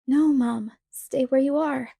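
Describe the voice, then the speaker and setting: A woman reading an audiobook, voicing a frightened teenage girl who pleads in a hushed, strained way. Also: high-pitched, steady tone, slow pace, gravelly, dry recording, studio quality, voice pushed up, heavily acted. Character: frightened teenage girl, trying to sound calm.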